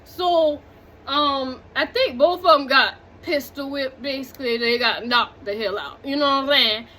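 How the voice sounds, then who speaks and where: Chatty high-voiced woman recapping a movie. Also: measured pace. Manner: animated and chatty, talks straight to viewers, drifts off on tangents. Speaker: movie reviewer.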